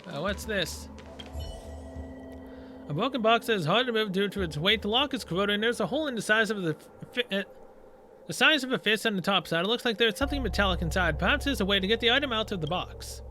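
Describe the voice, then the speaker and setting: A man's voice: high voice, expressive, fast talker, sharp tone, soft background music. A man playing through a story game, reading its dialogue aloud and adding sarcastic asides. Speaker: gaming video creator.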